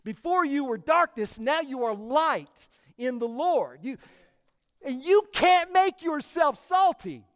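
A preacher delivers a sermon at an unhurried pace, with a voice that rises and falls widely. Key words are repeated for emphasis. The sound carries a long reverberant tail, as in a church hall. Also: sits high, lively intonation, fairly bright tone. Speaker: pastor.

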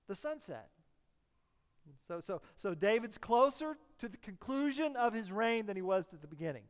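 Pastor, male, high voice, emphatic and repetitive delivery, long hall reverb. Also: big pitch swings, moderate pace, clean tone. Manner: emphatic, repeats key phrases, swings from hushed to loud. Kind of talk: sermon. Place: church sanctuary.

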